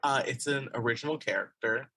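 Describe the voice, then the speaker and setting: A man's voice: medium pitch, fairly quick, bright, forceful tone. A young man from Texas, a guest on an interview podcast, talking casually in a rambling way with frequent laughs and restarts. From Texas, USA. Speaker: guest, illustrator and comic artist.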